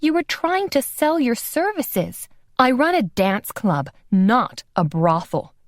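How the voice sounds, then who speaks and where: A woman narrator voicing a fiery, hot-tempered female vampire who snaps and shouts at her accusers. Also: on the high side, very animated, takes it slowly, dry recording, studio quality, voice pushed up. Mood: defiant. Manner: shouting, combative.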